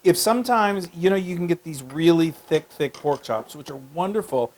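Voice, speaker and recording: A man's voice: fairly high pitch, lively intonation, normal speed, darkish tone. A man hosting a casual cooking demonstration, gushing with enthusiasm about the food as he cooks in a kitchen. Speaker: cooking show host, cook.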